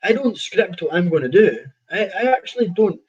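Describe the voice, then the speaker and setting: A man's voice: high voice, expressive, fairly quick, darkish tone, husky, lo-fi sound. A man, a professional boxer telling stories in a casual interview, rambling with restarts and laughing at himself.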